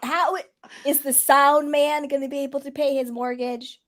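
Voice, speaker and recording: A woman hosting a casual chat, talking in an animated way and laughing often. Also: high-pitched, normal speed. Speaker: host.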